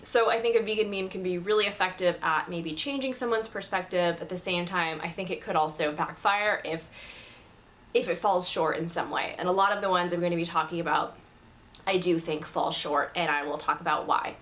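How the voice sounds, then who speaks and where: A woman's voice: medium pitch, a bit bright. Chatty woman giving candid opinions. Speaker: vegan video creator. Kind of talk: casual talking-to-camera commentary.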